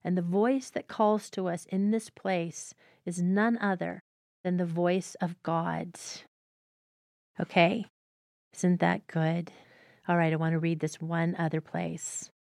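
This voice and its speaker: A woman's voice: lowish voice, little pitch movement, gravelly, a little mellow, no room sound, clean studio sound. A woman hosting a devotional teaching, speaking in an earnest, reflective way and reading passages aloud. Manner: earnest, reflective, unhurried phrasing. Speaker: host of a devotional teaching show.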